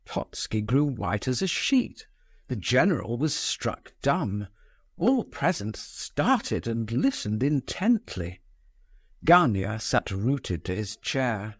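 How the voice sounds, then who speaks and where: A man reading a classic novel aloud as audiobook narrator, with a measured, expressive delivery. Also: mid-range voice, husky, no room sound, clean studio sound. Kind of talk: scripted narration.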